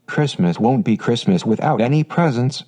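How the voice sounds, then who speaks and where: A man reading the lines of a bold, bookish teenage girl in an even, unacted synthetic voice. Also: medium pitch, normal speed, close to an everyday voice.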